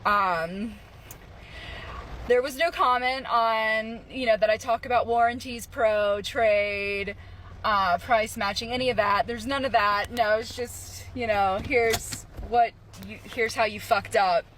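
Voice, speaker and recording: Brief: high-voiced man, animated and laughing as he tells the story, faint ambience behind. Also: slow pace, slight background noise. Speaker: content creator. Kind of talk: casual storytime vlog.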